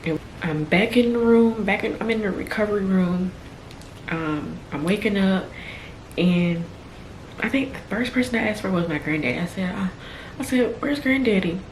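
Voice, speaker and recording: A woman's voice: medium pitch, expressive, normal speed, reverberant, a little hiss or hum, rough recording. Emotional young woman telling a story. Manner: emotional, fighting back tears. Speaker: vlogger. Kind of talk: storytime vlog.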